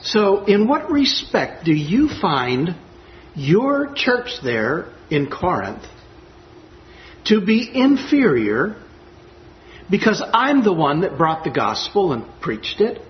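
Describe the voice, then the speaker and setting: A man's voice: high voice, huge pitch swings, takes it slowly, lo-fi sound. A man preaching a sermon, earnest and emphatic as he reads scripture and reflects on it. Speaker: pastor.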